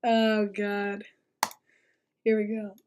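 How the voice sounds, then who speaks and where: A woman's voice: mid-range voice, monotone, drawn-out words, a little mellow, muffled recording, a little hiss or hum. A young woman streamer reacting to a video in casual commentary, profane and mocking.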